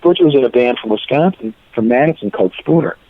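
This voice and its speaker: An older male musician, a guest in an interview, tells rambling anecdotes casually and corrects himself as he goes. His mid-range voice is animated and fast. Crowd noise sits behind a tinny, phone-like line.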